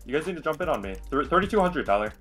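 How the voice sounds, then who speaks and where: A man's voice: a little high, very animated, rapid-fire, fairly bright tone, faint music behind. A man in team voice chat giving urgent, repeated game orders. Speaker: teammate in voice chat. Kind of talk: fast game callouts.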